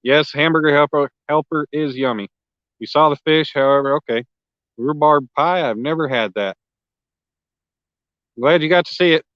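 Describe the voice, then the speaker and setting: A man hosting a casual night fishing livestream, chatting easily with viewers and often clearing his throat. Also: fairly high pitch, moderate pace, pauses often, no echo, dull audio. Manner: laid-back, frequent throat clearing, reads chat aloud. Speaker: livestream host. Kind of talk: casual chat with live viewers. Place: outdoors at a riverbank at night.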